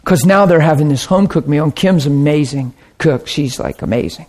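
Animated storytelling preacher, a man. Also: fairly high pitch, a little fast. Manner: animated, shifts into hushed tones. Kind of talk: storytelling sermon.

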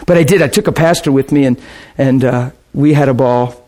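A man preaching as a pastor, telling a story casually with lively swings between low asides and excited high bursts. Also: brisk. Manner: casual, rambling, with restarts and laughter. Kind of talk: sermon storytelling.

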